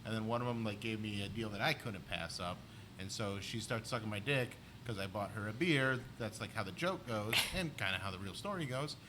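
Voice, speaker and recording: A man's voice: on the low side, brisk, noisy background. A man, a comedian co-hosting a podcast, telling a rambling story in casual chat with lots of "like". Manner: rambling anecdotes full of "like".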